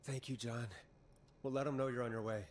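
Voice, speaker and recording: An actor doing a calm late-night radio DJ. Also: male voice, mid-range voice, brisk, slight background noise, close to an everyday voice.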